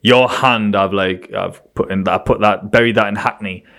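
A man's voice: lowish voice, fairly even intonation, normal speed, creaky, fairly bright tone. A young man, rambling and joking with many fillers in a casual chat.

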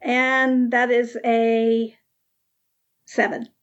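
A woman player in a tabletop role-playing game, relaxed as she explains the rules. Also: fairly high pitch, extremely slow, muffled recording.

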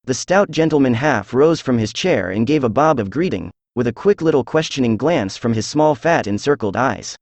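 A synthesized male voice reading a classic detective story in an even, measured way. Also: medium pitch, no echo. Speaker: audiobook narrator. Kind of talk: scripted narration.

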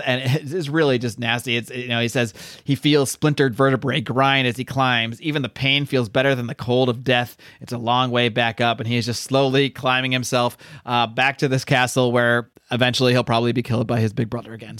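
A man co-hosting a casual comic-book podcast, recapping the story in animated bursts, stammering and acting out the characters in quick asides. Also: mid-range voice, no echo, clean studio sound. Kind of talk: casual chat.

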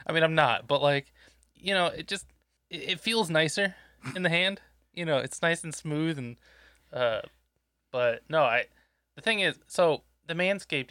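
A man's voice: fairly high pitch, sharp tone, smooth, no room sound, studio quality. A man in casual, profane podcast chat, laid-back and laughing often. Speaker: podcast co-host.

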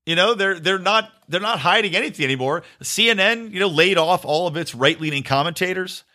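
A man hosting his own podcast, ranting through a political commentary monologue with a sarcastic edge and casual swearing. His voice sits fairly high and bright. It swings up and down all the time. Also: lively intonation, brisk. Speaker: podcast host.

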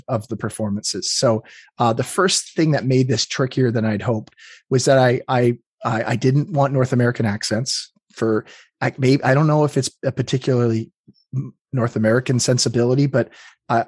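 Husky-voiced man explaining thoughtfully. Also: medium pitch, fairly even intonation, brisk, a little mellow, no room sound, studio quality. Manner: thoughtful, many restarts and fillers. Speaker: game developer. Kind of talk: interview, conversational.

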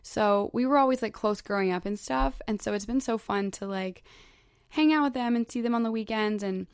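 On her solo podcast, a twentysomething woman gushes and chats away, slipping "like" into nearly every phrase. She talks fairly quickly in a clean, high-ish voice, with studio-quality audio free of room sound.

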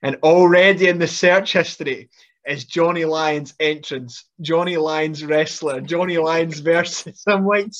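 A man's voice: on the high side, a little slow, highs cut off. A man who is a guest on a podcast, telling funny stories casually and laughing as he talks. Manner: animated, laughs through stories, frequent restarts. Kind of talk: casual storytelling.

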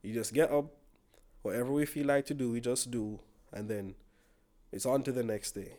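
A young Jamaican man talking on a podcast in a relaxed, rambling way. His pitch sits in the middle, and he often stumbles over and repeats words as he gathers his thoughts. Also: moderate pace. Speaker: podcast guest. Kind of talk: casual chat.

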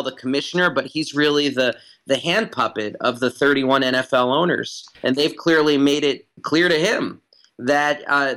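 A man's voice: a little high, sharp tone, rough recording. A man speaking as a guest commentator in an interview, making his case emphatically and repeating phrases for stress. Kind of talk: analytical interview talk.

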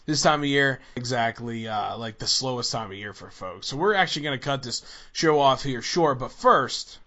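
A man in his thirties hosts a casual podcast with excitable energy, dropping "dude" and "man" into his talk. His voice is bright and a little forceful. The recording sounds slightly muffled and lo-fi. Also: mid-range voice, moderate pace. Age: 30s. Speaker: podcast host.

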